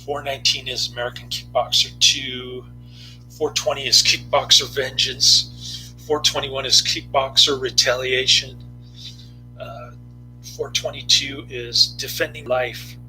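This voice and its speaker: A man talking casually as a movie reviewer, rambling and halting with many fillers and restarts. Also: mid-range voice, flat delivery, bright, forceful tone, soft background music, low-quality recording.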